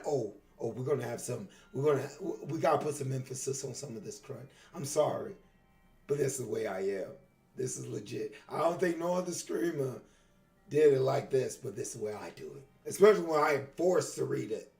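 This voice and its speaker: A gravelly-voiced man streaming a game who talks loud and punchy, full of slang and emphasis. His pitch sits in an ordinary middle range. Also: animated, fairly quick, roomy sound, distant mic, soft background music. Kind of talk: streamer commentary while playing.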